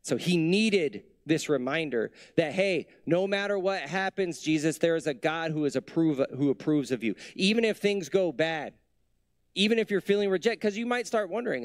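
A man preaching a sermon as a pastor, in a conversational way with many rhetorical questions, dropping soft and low for tender lines. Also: expressive, moderate pace, no echo, clean studio sound.

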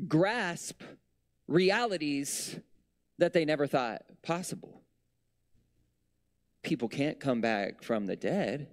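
A young adult man preaching a conversational sermon with humorous asides and lively swings in pitch. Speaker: pastor. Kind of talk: casual sermon.

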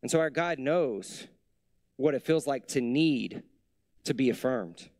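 A man preaching a sermon as a pastor, in a conversational way with many rhetorical questions, dropping soft and low for tender lines. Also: expressive, measured pace, no room sound, studio quality.

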